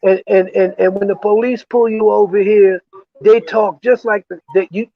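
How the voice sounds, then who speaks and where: An older veteran activist who lives in Ghana is a guest in a remote political interview, speaking in a high voice with a steady tone at a moderate pace. The recording has no room sound and its highs are cut off. He talks emphatically, often restarting and adding "you see?" tag questions.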